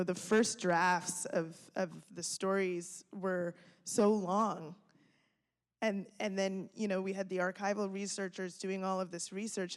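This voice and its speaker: Woman filmmaker on a panel, mid-pitched, reflective, searching for words; long hall reverb. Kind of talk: panel discussion answer. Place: museum auditorium. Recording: reverberant auditorium.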